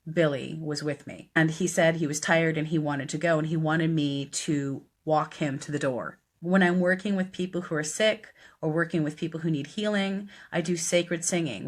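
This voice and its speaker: A woman, a death doula, earnestly telling a personal story on a live stream, chatty and full of fillers. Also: low voice. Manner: earnest, conversational, many fillers.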